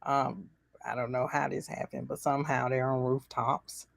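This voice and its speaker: A woman's voice: moderate pace, vocal fry, no echo, clean studio sound. A woman co-hosting a casual podcast chat, retelling scenes and acting out the quotes with laughter. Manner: animated, acts out quotes in high voices, laughs often. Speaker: podcast co-host.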